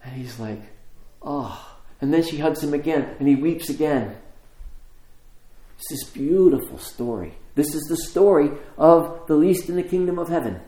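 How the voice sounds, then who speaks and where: A man giving a sermon, telling a story with pauses and shifting emphasis. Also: fairly high pitch, dark tone. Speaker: preacher. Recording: roomy echo.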